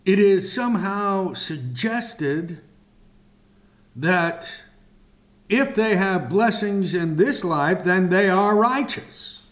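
Male Bible teacher, slightly high voice, extremely slow and deliberate delivery. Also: expressive, fairly bright tone. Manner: very slow, drawn-out phrasing with long pauses.

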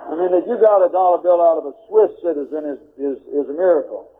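A man preaching a fiery sermon in a church, shouting emphatic lines and leading the congregation in call-and-response. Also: on the high side, fast. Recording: tinny phone-like audio with faint noise.

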